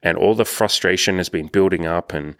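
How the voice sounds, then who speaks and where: A man's voice: sits low, brisk, a bit bright, no room sound, studio quality. A young man coaching on dating, talking in a rambling, self-deprecating way and swearing freely. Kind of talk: casual coaching monologue.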